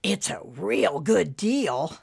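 A chirpy, coaxing husband with a voice that swings up and down and pushes louder than the narration around it , as a woman reads him in a storybook. He sounds eager and persuasive. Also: lowish voice, big pitch swings, slow pace, vocal fry, husky, heavily acted. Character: man in wheelchair, cheerful car-junk collector.

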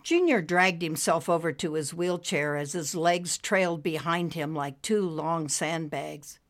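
A woman reading a story aloud as narrator, expressive and lively. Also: low-pitched, measured pace.

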